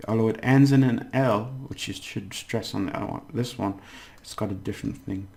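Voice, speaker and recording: Male language tutor, patient and deliberate, gravelly, sounds out each syllable. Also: fairly low pitch, darkish tone. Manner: patient, repeats words slowly syllable by syllable. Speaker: Spanish language teacher. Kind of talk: casual spoken language lesson.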